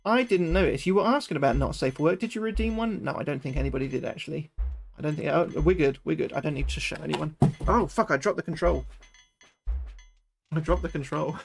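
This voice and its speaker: A British man livestreaming a game, chatting excitably with his viewers and swearing freely. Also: fairly high pitch, fairly quick, creaky, long pauses, breathy edge, faint music behind. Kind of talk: live gameplay commentary chatting with viewers.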